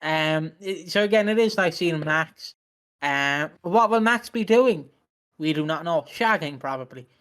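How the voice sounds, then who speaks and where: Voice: medium pitch, expressive, unhurried, fairly bright tone, clear, resonant tone. A podcast co-host in casual chat, hesitant, with many ums and restarts.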